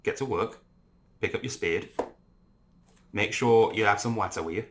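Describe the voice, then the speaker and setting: A man hosting a casual whisky tasting chat, relaxed and rambling with plenty of fillers. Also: on the low side, normal speed, slight background noise. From Canada.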